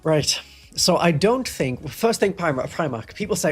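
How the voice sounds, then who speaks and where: Husky man with a softened Northeast English accent. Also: on the high side, animated, normal speed, faint music behind. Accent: toned-down Northeast English. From Northeast England. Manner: chatty, wry, rambling asides. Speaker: Warhammer streamer. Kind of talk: live stream chat answering viewers. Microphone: studio microphone.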